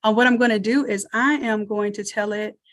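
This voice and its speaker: During a live screen-share tutorial on design, a woman talks her way through every step, chatty and reasoning out loud. She speaks fairly quickly in a medium-pitched, steady tone.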